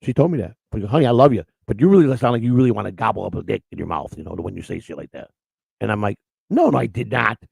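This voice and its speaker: A man's voice: on the low side, lively intonation, very fast, creaky, a little mellow, husky, no room sound, poor audio. A man co-hosting a live-streamed morning show, chatting in a crude, rambling way, repeating words and greeting people in the chat.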